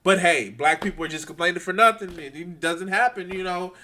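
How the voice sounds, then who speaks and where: A man ranting angrily to his viewers, swearing a lot, stumbling over restarts and swinging between quiet and loud. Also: high-pitched. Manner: profane, halting, many restarts. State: angry and frustrated. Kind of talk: angry unscripted rant.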